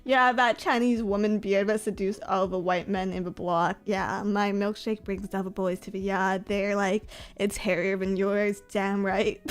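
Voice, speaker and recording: A woman's voice: mid-range voice, level tone, a little slow, hardly any pauses, clear, resonant tone, faint music behind. A woman VTuber streamer chatting casually with her viewers, playful and self-mocking, often breaking into giggles. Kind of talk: casual stream chat reading comments.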